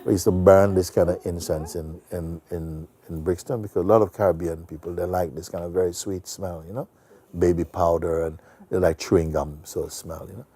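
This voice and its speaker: A man who is a spiritual teacher, telling a story in a soft-spoken, relaxed way with many fillers. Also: deep voice, brisk, husky. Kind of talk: storytelling talk.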